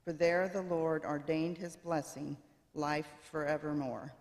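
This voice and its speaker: A man reading scripture and a psalm aloud in a church service, in a measured, unhurried way. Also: fairly high pitch, fairly even intonation. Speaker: scripture reader. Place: church sanctuary. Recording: church with long reverb.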